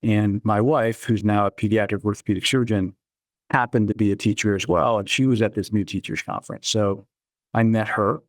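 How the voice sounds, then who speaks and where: A middle-aged man telling stories from his career in a relaxed, anecdotal way during an interview. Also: fairly low pitch, brisk, no room sound. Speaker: guest, chief innovation officer. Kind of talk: storytelling interview answers.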